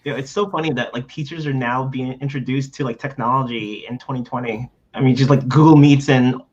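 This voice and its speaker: A man's voice: medium pitch, steady tone, a little fast, a little mellow. A man co-hosting a casual podcast chat, laid-back and teasing, with many fillers. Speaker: podcast co-host. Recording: dull husky audio.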